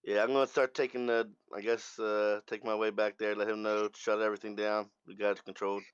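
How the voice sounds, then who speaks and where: A man playing a tabletop game, talking in a quick, easygoing way. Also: on the low side, flat delivery, clear, resonant tone, no echo, lo-fi sound. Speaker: player. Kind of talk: casual tabletop play.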